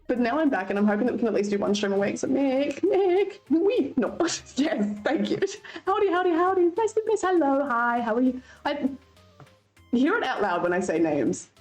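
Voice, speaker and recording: Young Australian woman streamer, casual and lively, pitch swinging widely, light music underneath. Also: normal speed. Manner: chatty, swears freely, laughs often. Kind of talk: casual chat with live chat.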